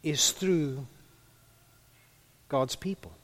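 A man's voice: fairly high pitch, drawn-out words, fairly bright tone. A man preaching a sermon in a conversational way, with humorous asides and a few stumbles.

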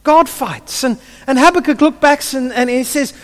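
In a sermon recorded with long hall reverb, a man with a very high-pitched voice speaks briskly, barely pausing. He tells the stories vividly, often stammering and repeating his opening words as he restarts.

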